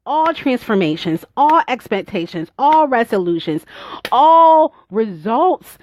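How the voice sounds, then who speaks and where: A woman's voice: on the high side, dry recording. Tearful woman giving a spiritual talk. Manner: emotional, tearful, laughing, informal and preachy. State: near tears. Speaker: spiritual healer.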